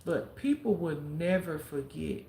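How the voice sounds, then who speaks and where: Speaking a little slowly in a low, gravelly voice, this content creator shares a casual story on a live stream, voicing other people's lines with animation and giving sincere advice. There's some hiss or hum, a roomy echo and faint ambient sound.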